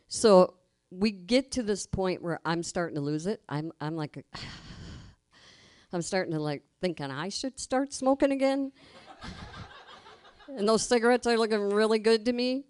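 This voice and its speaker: A woman's voice: mid-range voice, a little slow, clear, resonant tone, dry recording, studio quality. A middle-aged woman telling a personal story live on stage, colloquial, laughing as she goes and acting out the voices she quotes. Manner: colloquial, laughs through her own story.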